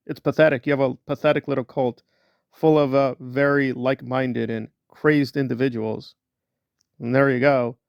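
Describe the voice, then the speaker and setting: A man's voice: medium pitch, vocal fry, no room sound, clean studio sound. A man doing sarcastic, mocking online commentary as a vlogger.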